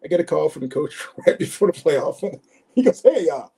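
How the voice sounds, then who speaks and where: A man in his sixties, a former football player, telling animated stories in an interview and acting out the people he quotes. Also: a little high, a little fast, gravelly, breathy edge, rough recording. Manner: animated storyteller, acts out quoted voices. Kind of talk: storytelling interview.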